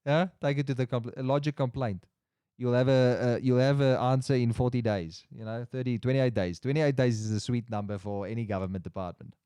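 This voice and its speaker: A man's voice: mid-range voice, fairly quick, warm tone, clean tone, no echo, clean studio sound. A man hosting a casual livestream chat, rambling and restarting his sentences as he reads the chat aloud. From Australia. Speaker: livestream host.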